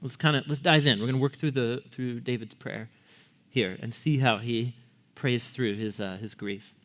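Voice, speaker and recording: A man's voice: mid-range voice, moderate pace, a bit bright. A man preaching a sermon as pastor, talking to the congregation in a conversational way and asking them questions. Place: church.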